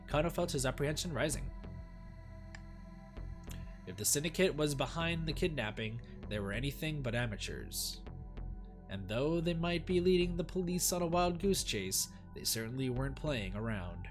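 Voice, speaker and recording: A man's voice: a little high, moderate pace. A playful streamer reads a visual novel aloud and chimes in with jokes. His voice rises and falls freely. Faint music plays under his narration. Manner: playful, animated.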